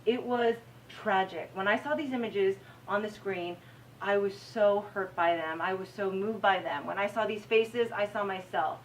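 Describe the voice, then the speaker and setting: American woman anchor speaking at a campus event, expressive storyteller, heard from a little off-mic with a faint hum behind. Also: mid-range voice, normal speed. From United States. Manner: animated storytelling, acts out her own reactions. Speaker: TV news anchor giving a talk. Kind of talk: campus talk to students. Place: university lecture room. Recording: slightly distant mic, faint room noise.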